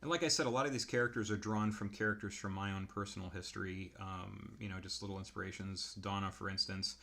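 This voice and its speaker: A man with a lowish voice talks through his character-design drawing process, unhurried and musing, thinking aloud between pauses as he explains his choices in an easygoing way. His intonation is fairly even, with vocal fry and a sharp tone.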